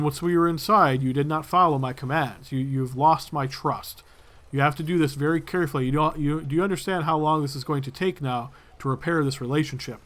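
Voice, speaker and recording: A man voicing a stern male commander who scolds in a slow, measured way. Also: fairly high pitch, a bit bright, close to an everyday voice.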